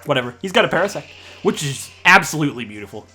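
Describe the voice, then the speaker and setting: Fast-talking man with a lively voice. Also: a little high, breathy edge, soft background music. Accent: American Midwest. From Ohio, USA. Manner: fast-talking, rambling, jokey. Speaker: let's play commentator. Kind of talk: casual gameplay commentary.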